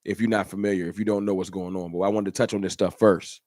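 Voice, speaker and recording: Man, livestream host, emphatic rant, repetitive slang, low-pitched, dry close sound. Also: little pitch movement, fast talker, darkish tone, dry recording. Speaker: fan channel host.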